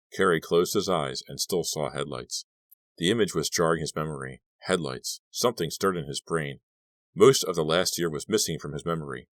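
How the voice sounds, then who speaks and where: A male narrator with a very deep, low voice reads a novel in a steady, measured way. The recording is close and dry, with no room sound. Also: no room sound. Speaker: audiobook narrator. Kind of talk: scripted narration.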